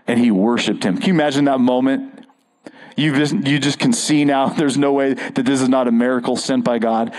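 A man's voice: mid-range voice, darkish tone, low-quality recording. A man preaching an earnest, conversational sermon as a pastor, often restarting his phrases.

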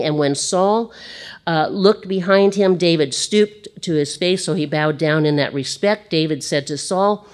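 A woman teaching a Bible study, with conversational, expressive asides between readings. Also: sits low, a little slow.

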